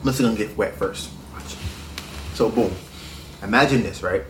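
A man hosting a podcast, giving casual, slangy dating advice in a preachy tone that sometimes drops to a low murmur. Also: moderate pace, a bit bright, slight background noise. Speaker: podcast host. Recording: roomy echo.

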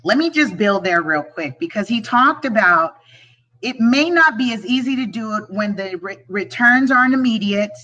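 A woman's voice: fairly high pitch, expressive, moderate pace, bright, forceful tone, muffled recording. A woman hosting a live stream, talking earnestly and from the heart, often repeating words as she gets moved. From Philadelphia. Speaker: show host and real estate agent. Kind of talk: live-stream motivational talk.

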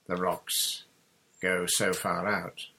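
A man voicing a sensible, motherly older girl who cooks for the crew in a storybook reading, speaking briskly and practically. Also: deep voice, level tone, pushed and bright, breathy edge, full character voice.

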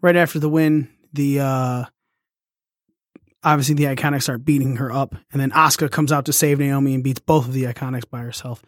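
A man hosting a casual wrestling recap, talking excitedly, swearing freely and acting out the lines he quotes. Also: medium pitch, a little fast, no room sound, clean studio sound. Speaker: wrestling podcast host.

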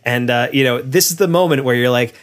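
A man's voice: mid-range voice, fast talker. A man in casual conversation, retelling a film's plot in a rambling way with lots of fillers. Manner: rambling, filler-heavy, laughs often.

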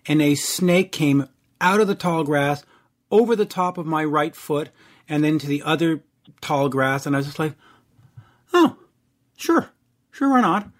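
A man's voice: a little high, fairly even intonation, moderate pace. A man hosting a rock interview show, chatting casually with many fillers and asides. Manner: chatty, rambling, with frequent fillers. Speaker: radio show host interviewing a band. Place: based in Montreal.

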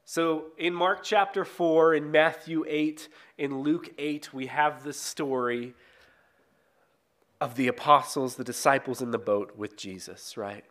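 Male preacher, conversational sermon delivery, slightly raised pitch, frequent tag questions. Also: steady tone, measured pace, a bit bright. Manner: reads scripture aloud then explains it.

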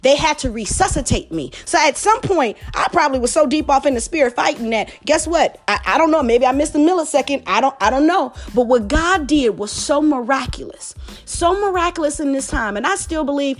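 A woman with a fairly high voice preaches her testimony with fervor. She repeats her phrases and calls out to her listeners. Soft music plays faintly behind her. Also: lively intonation, fairly quick. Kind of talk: impassioned sermon testimony.

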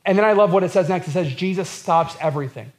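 A man's voice: high voice, fast talker. A man preaching a sermon as pastor, earnest and repetitive, acting out quotes from scripture.

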